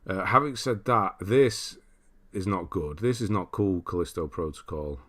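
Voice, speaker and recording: A man's voice: low voice, unhurried. A man from Britain hosting a casual livestream, reading viewer comments aloud and laughing often. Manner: chatty, laughs often, reads chat aloud. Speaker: livestream host.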